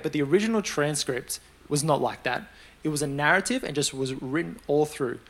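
A young adult man preaching a sermon in a conversational style, acting out the voices of the people he quotes. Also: fairly high pitch. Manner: conversational, animated storytelling with acted-out quotes.

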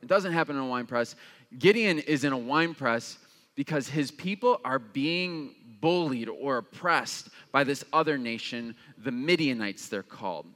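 A young man preaching a casual, conversational sermon as pastor, with lots of fillers and lively jumps in pitch when he acts out reactions. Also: normal speed, big-room sound.

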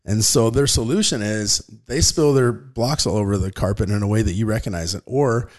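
A man's voice: fairly low pitch, fairly quick. A man in his thirties, a father co-hosting a podcast, talking earnestly and rambling with frequent restarts. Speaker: podcast co-host. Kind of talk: casual podcast chat.

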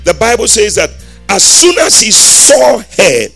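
A man preaching a sermon as pastor, in a sing-song, emphatic delivery that rises to shouted declarations. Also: high-pitched, wildly swooping pitch, unhurried, vocal fry, soft background music.

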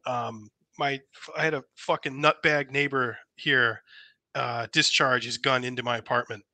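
A man's voice: mid-range voice, steady tone, measured pace, sharp tone, no echo. A man hosting a podcast, chatting casually and swearing freely as he reacts. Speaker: podcast host. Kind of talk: casual chat.

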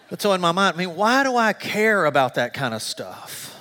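Animated pastor preaching in a reverberant hall. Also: male voice, high-pitched, brisk, hardly any pauses. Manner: animated storytelling, self-deprecating humor. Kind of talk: sermon. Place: church sanctuary.

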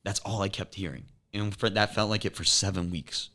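Very deep-voiced man telling a harrowing story. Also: steady tone, bright, forceful tone. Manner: earnest, halting retelling with repeated restarts. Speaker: podcast guest. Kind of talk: emotional personal storytelling.

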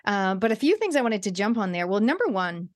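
Woman, podcast host, enthusiastic, addresses listeners, mid pitch. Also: big pitch swings, a little fast. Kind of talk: casual interview chat.

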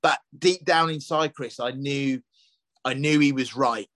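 Here a middle-aged man, a chef on a podcast, unhurriedly recounts his story in a mid-range, slightly bright voice. His telling is loose and rambling, full of restarts and "you know." Poor, dry audio.

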